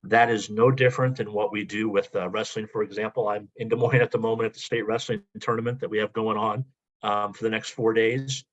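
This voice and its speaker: A man's voice: on the low side, fairly even intonation, a little fast, dull audio. A man briefing coaches in a webinar, methodical and full of "uh" and "um" fillers. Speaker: athletic association administrator. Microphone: video call.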